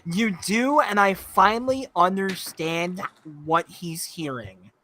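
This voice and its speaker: A man's voice: high voice, takes it slowly, noisy background. A man co-hosting a podcast livestream, joking and swearing in casual chat. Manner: joking, profane, excitable. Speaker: podcast co-host.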